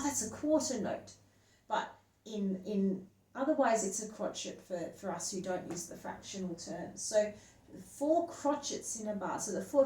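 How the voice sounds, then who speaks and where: A woman's voice: medium pitch, darkish tone. Woman teacher explaining from across a room. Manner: explains patiently, counts beats aloud. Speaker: music teacher. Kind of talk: step-by-step classroom explanation. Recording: roomy, distant mic, faint hum.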